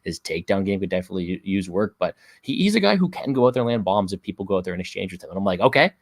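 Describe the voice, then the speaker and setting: Animated low-voiced Canadian man. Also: racing, no room sound. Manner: animated, swearing, bursts into big pitch jumps. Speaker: podcast co-host. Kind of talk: casual sports betting chat.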